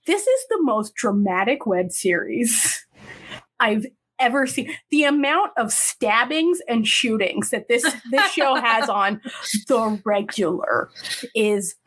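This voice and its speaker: With a slightly high voice, a woman co-host takes her time recounting a drama's storyline on a podcast, lively and casual as she performs the characters' dialogue.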